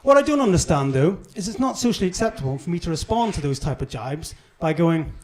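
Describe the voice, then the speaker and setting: A man's voice: on the high side, very animated, quick pace. A young man with a mild Northern Irish accent doing a punchy, self-deprecating stand-up set on a comedy club stage. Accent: Northern Irish, toned down. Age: young adult. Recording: live club recording with audience noise. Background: audience laughter and cheers.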